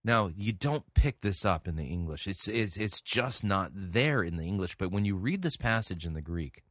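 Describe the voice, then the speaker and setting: A man's voice: sits low, animated, a bit bright, no echo. Earnest preacher man, dry close sound. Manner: earnest, halting with many restarts and fillers when explaining. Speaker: pastor. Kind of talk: sermon, reading scripture and explaining it. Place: church.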